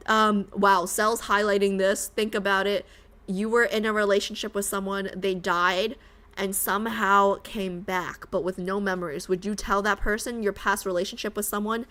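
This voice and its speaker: Animated, emphatic woman streamer, fairly high voice. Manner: animated and emphatic, repeats herself; swears casually, reads chat aloud. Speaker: streamer reacting to a game. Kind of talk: casual reaction chat.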